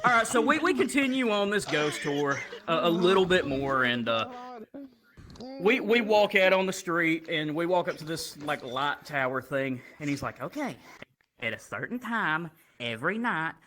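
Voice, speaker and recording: Animated man telling a story. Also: a little high, normal speed. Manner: animated, acts out characters with shifting voices. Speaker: stand-up comedian. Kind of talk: stand-up storytelling. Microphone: VR headset mic. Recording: live crowd audible. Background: crowd laughter.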